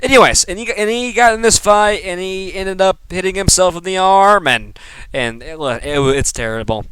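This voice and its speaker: Young guy podcasting solo, kinda high voice, dry close mic, sarcastic rambling. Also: moderate pace, sharp tone, clear, resonant tone, no echo, low-quality recording. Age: young adult. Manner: rambling and sarcastic, many ums and restarts. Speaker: podcast host. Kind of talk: casual news commentary monologue.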